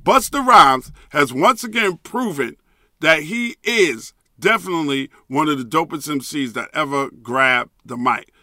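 Man, podcast host, profane emphatic rant, catchphrase repeated, fairly high voice, forceful tone. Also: expressive, unhurried, dry recording, clean studio sound.

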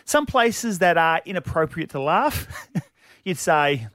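A man's voice: on the high side, very animated, slow pace, a bit bright, no room sound, studio quality. An Australian man co-hosting a radio show, telling a funny story in casual chat and laughing often.

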